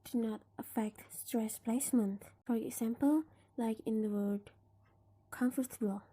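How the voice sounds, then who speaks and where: Slow, breathy young Indonesian woman. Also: on the high side, mellow. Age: young adult. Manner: slow, careful explaining with examples; often drops into breathy near-whisper. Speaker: student presenter. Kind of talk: class presentation on word stress.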